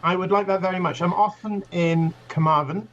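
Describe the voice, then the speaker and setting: A man's voice: high voice, steady tone, fairly quick, fairly bright tone, highs cut off, slight background noise. A man being interviewed as a guest author, friendly and enthusiastic. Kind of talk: radio interview.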